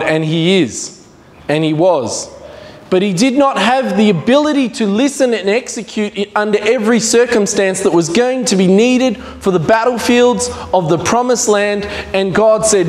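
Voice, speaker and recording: Guy preaching in a church, high voice, takes it slow, lots of hall echo. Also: darkish tone. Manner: earnest, emphatic preaching with repeated phrases. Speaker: visiting preacher. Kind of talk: sermon.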